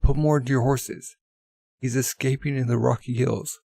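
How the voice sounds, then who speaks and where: A man's voice: medium pitch, fairly even intonation, normal speed, vocal fry, mellow, breathy edge, dry recording. A man voicing an angry male tribal warrior who scolds and accuses a runaway while reading a comic aloud. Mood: shouting orders.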